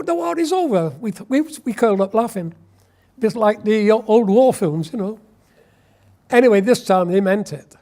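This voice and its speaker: A man's voice: sits high, a little mellow. A man, telling a wry, anecdotal war story in an oral history interview. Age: 80s.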